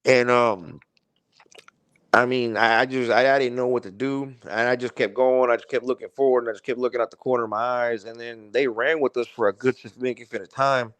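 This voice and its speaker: Smooth-voiced man telling a story. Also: medium pitch, fairly even intonation, fairly quick, fairly bright tone, dry recording. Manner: rambling, profane, heavy use of "like". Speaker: podcast guest. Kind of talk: casual storytelling.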